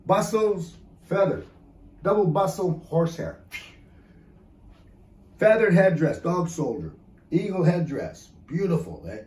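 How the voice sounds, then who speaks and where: A man's voice: sits high, lively intonation, measured pace, pauses often, a little mellow. A man doing a joking stand-up comedy set in an event hall, often slipping into teasing mock voices. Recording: echoey room heard from a distance.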